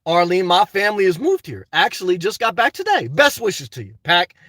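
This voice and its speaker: High-voiced man, far from the mic. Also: big pitch swings, a little fast, fairly bright tone, dry recording. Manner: chatty, repeats "okay" often. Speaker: livestream host. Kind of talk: reading out live chat. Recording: dry sound, voice away from mic.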